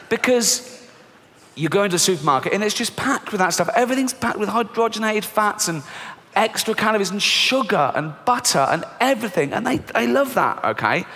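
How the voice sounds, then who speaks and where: A middle-aged man with an English accent doing a stand-up comedy set, swearing and mocking, acting out voices with big jumps in pitch. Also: pushed and bright, slight background noise. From England. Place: large theatre stage before a laughing audience. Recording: live hall with long reverb.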